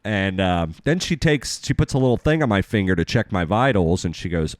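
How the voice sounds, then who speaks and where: Host, male, low voice, crude self-mocking storyteller, dry close sound. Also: animated, fairly quick, no room sound. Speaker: show host. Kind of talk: casual storytelling chat.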